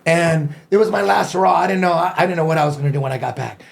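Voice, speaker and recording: Podcast guest, male, high gravelly voice, animated profane storyteller. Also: rapid-fire, slight background noise. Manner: animated, profane, acts out his own past thoughts. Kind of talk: casual storytelling.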